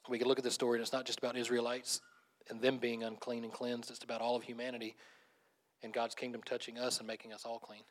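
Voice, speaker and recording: A man preaching a conversational sermon as pastor, animated, laughing often and restarting phrases. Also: medium pitch, quick pace.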